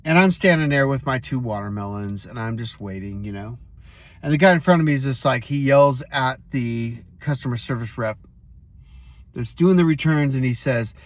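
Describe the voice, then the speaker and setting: A man's voice: mid-range voice, expressive, moderate pace, no echo. A man hosting a motivational vlog, telling a story casually and speaking straight to his viewers. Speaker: host.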